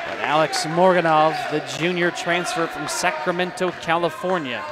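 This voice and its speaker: A man calling a college basketball game play by play, with quick calls and stat rundowns. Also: a little high, over a noisy crowd, very noisy. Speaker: play-by-play announcer.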